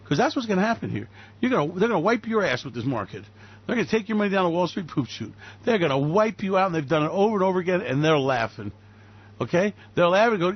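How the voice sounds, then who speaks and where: A high-voiced man rants at his listeners, angry, sarcastic and full of swearing. His voice comes through a dull, lo-fi web radio recording. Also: big pitch swings, quick pace. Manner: angry, profane, sarcastic ranting. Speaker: radio show host. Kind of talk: ranting political commentary.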